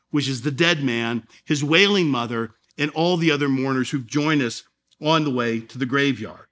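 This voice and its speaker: A man's voice: a little high, a bit bright. Earnest male pastor preaching. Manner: earnest preaching with dramatic pauses and shifts in volume. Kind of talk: sermon.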